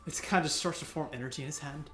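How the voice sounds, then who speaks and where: A woman playing a tabletop game, animated and at times exasperated. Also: low voice, very fast, over music. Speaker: player. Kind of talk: casual tabletop play. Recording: echoey room.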